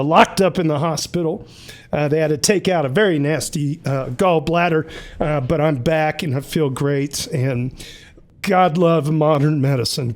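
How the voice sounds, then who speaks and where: A man's voice: fairly high pitch, a little mellow. A man hosting a casual livestream, upbeat and chatty, running through announcements and names. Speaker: livestream host.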